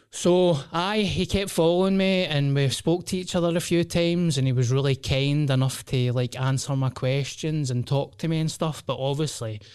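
A man's voice: medium pitch, a little mellow, smooth, no room sound, clean studio sound. A Scottish man in his thirties, a comedian telling rambling, sweary stories on his solo podcast. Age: 30s. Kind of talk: casual solo podcast monologue.

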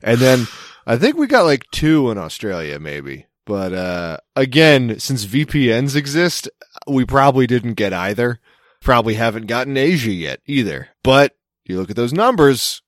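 A man's voice: mid-range voice, big pitch swings, normal speed, dry recording, clean studio sound. A man co-hosting a comedy podcast, talking in loose, rambling banter and swearing freely. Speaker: podcast co-host.

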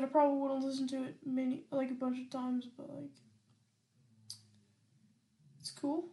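Slow, high-voiced woman podcast host. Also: darkish tone. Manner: hesitant and giggly, trailing off often. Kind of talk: casual music reaction chat.

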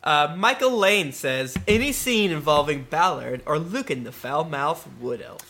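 A man's voice: fairly high pitch, expressive, unhurried, sharp tone, slight background noise. A man co-hosting a podcast, reading listener messages aloud in a jokey way and laughing as he goes. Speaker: podcast co-host.

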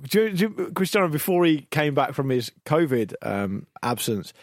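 A man's voice: on the high side, very animated, normal speed, dry recording, studio quality. A man co-hosting a casual football podcast, telling wry, rambling anecdotes. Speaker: podcast co-host. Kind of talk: casual chat.

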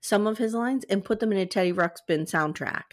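A woman hosting a podcast, chatting and joking through a recap in a casual, teasing way. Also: mid-range voice. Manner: lively, jokey, quick to tease. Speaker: podcast host.

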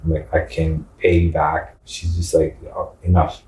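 A man's voice: very deep voice, flat delivery, moderate pace, darkish tone, slight background noise. A man telling his own story in casual talk, full of fillers and acted-out dialogue. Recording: roomy, distant mic.

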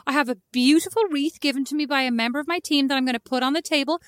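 A woman in her thirties co-hosting a podcast, telling animated stories and acting out her small son's lines in casual chat. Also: high-pitched, racing, hardly any pauses, dry recording, clean studio sound. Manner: animated storyteller, acts out her kid's lines. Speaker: podcast co-host.

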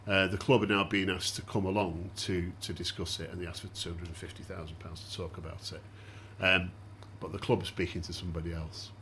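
A man hosting a podcast, walking listeners through events in a steady, explanatory casual chat. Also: low voice, brisk, few pauses, a little hiss or hum. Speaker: podcast host.

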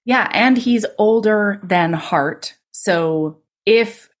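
A woman's voice: medium pitch, very slow. A woman co-hosting a podcast, chiming in on a book recap with quips and reactions. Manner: reacts with gasps and quips, joins in the storytelling. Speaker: podcast co-host. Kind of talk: casual book recap chat.

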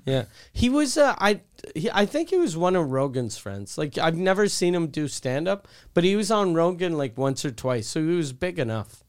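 Guy cohosting a podcast, kinda high voice, swears a lot, dry storytelling. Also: big pitch swings, normal speed, clear, resonant tone. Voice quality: profane, wry storyteller. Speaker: podcast co-host. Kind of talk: casual podcast banter.

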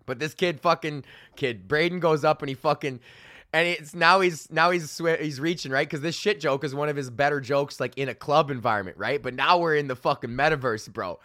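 Bright, profane comedian ranting. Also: male voice, on the high side, fairly quick, dry recording, clean studio sound. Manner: profane, rambling, laughing mid-story. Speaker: comedian podcast host. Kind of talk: casual storytelling rant.

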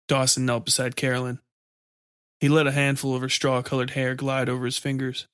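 A man narrates a horror story in a steady, measured voice. His pitch sits in the middle range. The recording is dry and close with no room sound. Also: smooth, dry recording.

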